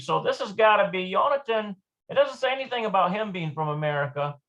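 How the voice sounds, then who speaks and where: Guy with a high voice going through a hebrew lesson, kinda muffled recording. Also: fairly bright tone. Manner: thinks aloud while explaining. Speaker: Hebrew teacher. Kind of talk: informal language lesson. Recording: dull lo-fi recording.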